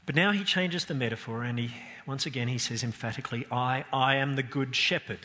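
A man's voice: mid-range voice, pushed and bright. A man preaching a sermon, earnest and emphatic, his voice climbing and dropping to stress points. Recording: long hall reverb.

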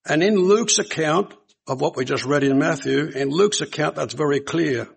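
Gravelly, husky male preacher. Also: a little high, normal speed, poor audio. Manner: earnest, asks the congregation rhetorical questions. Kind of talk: sermon.

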